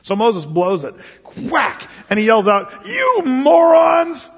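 A man teaching a Wednesday night Bible study as a pastor, telling stories with lively acted-out quotes. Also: high-pitched, measured pace. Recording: dull lo-fi sound with long hall reverb.

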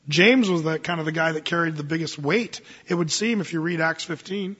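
Husky-voiced man preaching in a hall. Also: on the high side, lo-fi sound. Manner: animated preaching, reads scripture slowly. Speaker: pastor. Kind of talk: sermon.

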